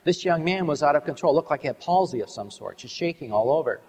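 A middle-aged man speaking from the pulpit in a fairly high voice, earnest and measured. He slows down to stress key words. His voice carries a long reverb, as in a large hall. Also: expressive, darkish tone. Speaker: Christian ministry speaker. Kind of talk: sermon with a storytelling testimony.

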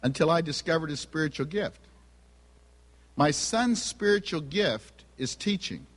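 A middle-aged man preaching with a slightly raised pitch, spinning humorous family anecdotes and voicing the people in them. His voice carries a long reverb, as if recorded in a large hall. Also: lively intonation, measured pace. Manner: humorous storytelling, acts out family dialogue. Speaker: speaker on family and spiritual gifts. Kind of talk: sermon with personal stories.

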